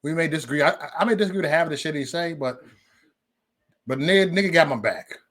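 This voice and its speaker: A man hosting a casual livestream, joking loudly and cursing, breaking into laughter often. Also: fairly high pitch, quick pace. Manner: loud, joking, profane banter with frequent laughs. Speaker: live stream host.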